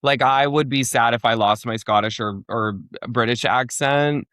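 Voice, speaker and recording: A man's voice: medium pitch, moderate pace, a bit bright, smooth, no room sound, studio quality. A young man from Fargo, North Dakota, a comedian guest on a podcast, rambling and filling his talk with "like" and restarts. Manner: rambling, heavy on "like", many restarts. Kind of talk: casual podcast interview.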